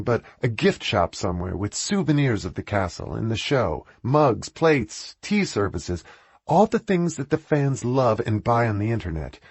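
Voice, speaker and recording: Meek, earnest woman in a storybook, voiced by a man, lively but low-key. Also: slightly rough, no echo. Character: earnest woman pitching ideas, meek and shy.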